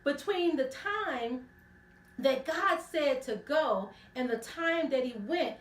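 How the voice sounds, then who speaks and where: High-voiced woman teaching the Bible. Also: slow, reverberant, far from the mic. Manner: animated storytelling, acting out the characters in the story. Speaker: radio ministry host.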